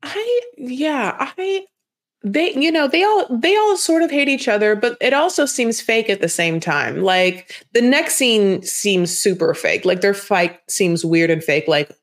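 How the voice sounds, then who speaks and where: Co-hosting a podcast, a woman with a fairly high, lively voice recaps a reality show at an unhurried pace. Her chat is loose and rambling, full of restarts and fillers.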